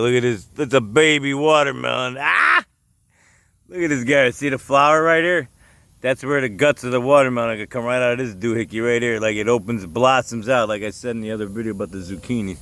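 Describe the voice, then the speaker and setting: A man's voice: medium pitch, fast, creaky, a bit bright, no room sound. A man with a Chicago accent walks around his backyard garden filming on his phone, rambling casually, chuckling often and swearing freely as he points things out. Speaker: gardening vlogger. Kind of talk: casual walk-and-talk vlog.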